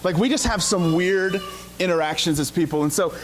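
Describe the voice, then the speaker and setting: Male pastor from Ohio, slightly higher voice, casual storyteller with a sarcastic streak. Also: fairly quick, a little hiss or hum. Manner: casual, self-deprecating, sarcastic asides. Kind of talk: conversational sermon with storytelling. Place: church sanctuary.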